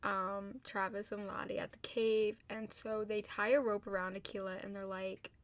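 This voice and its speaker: A young woman goes over a TV episode in an easygoing, talkative way, dropping swear words and piling on "like" fillers. Her mid-range voice keeps a level tone at a moderate pace, and the recording has no room sound.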